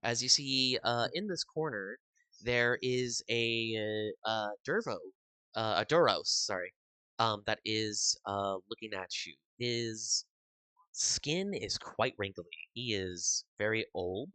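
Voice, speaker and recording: A man narrating as game master of a tabletop game, halting and filling pauses with uhs. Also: fairly low pitch, pushed and bright, clean tone, no echo. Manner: halting, full of uhs and restarts.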